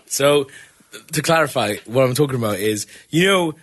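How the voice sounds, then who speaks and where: A man's voice: mid-range voice, expressive, normal speed, breathy edge. A man hosting a comedy podcast quiz segment, rambling and hesitant, with lots of fillers and laughter. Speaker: podcast host presenting a quiz feature. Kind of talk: casual comedy podcast banter.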